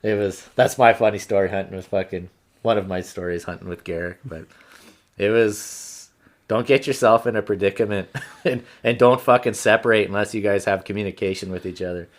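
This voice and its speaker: A man hosting a podcast, telling a hunting story in a casual, animated, profane way. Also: on the low side, a little fast. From Canada. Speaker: podcast host.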